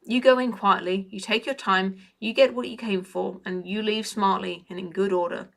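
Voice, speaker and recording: A neat, precise middle-aged crook, as a woman reader puts him on, lecturing primly and carefully. The voice stays bright in a storybook reading. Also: mid-range voice, steady tone, moderate pace, vocal fry. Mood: lecturing calmly. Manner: prim and lecturing.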